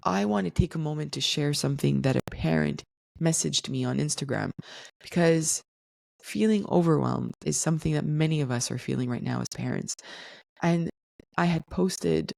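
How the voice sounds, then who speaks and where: A woman hosting a solo podcast, explaining things in a calm, teaching tone. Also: sits low, normal speed, creaky, dry recording, studio quality. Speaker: podcast host.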